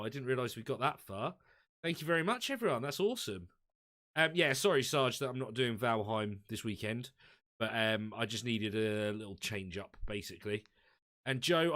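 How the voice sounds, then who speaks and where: A man's voice: medium pitch, fairly bright tone, no echo, studio quality. Chatty man streaming a game. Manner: chatty, self-deprecating, thinks aloud with fillers. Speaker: gaming streamer. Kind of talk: casual live-stream commentary.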